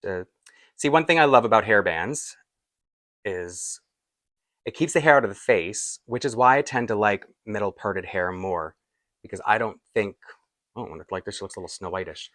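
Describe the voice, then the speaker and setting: This Canadian-accented doll collector vlogger speaks at a normal speed in a lowish, slightly bright voice, recorded dry. He rambles chattily through a doll unboxing, dropping frequent little laughs between asides.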